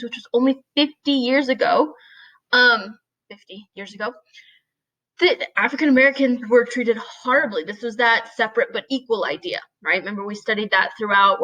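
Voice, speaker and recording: A woman's voice: a little high, bright, forceful tone, lo-fi sound. A young woman teacher recording a lesson for her students, explaining plainly and checking in with "right?" and "okay?" as she goes.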